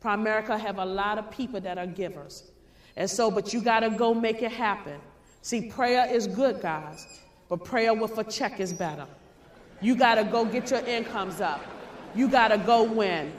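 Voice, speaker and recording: A woman giving an emphatic, preacher-like motivational speech at a sales convention, repeating her lines and sometimes shouting them. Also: mid-range voice, normal speed. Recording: reverberant hall.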